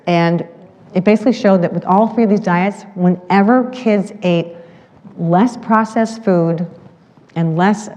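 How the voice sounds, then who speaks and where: A woman giving a presentation with slides, telling stories in a lively way and acting out the voices of the people she quotes. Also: lowish voice, lo-fi sound. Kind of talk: animated storytelling talk with slides. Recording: long hall reverb.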